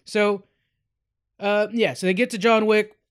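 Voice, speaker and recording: A podcast host talks through a movie in a relaxed, meandering way, with plenty of fillers and asides. His voice sits noticeably high for a man. It sounds like easygoing talk among fans, not a scripted read. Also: measured pace, smooth. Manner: rambling, chatty, many fillers, addresses listeners as guys. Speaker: podcast host reviewing a film. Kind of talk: casual spoken film review.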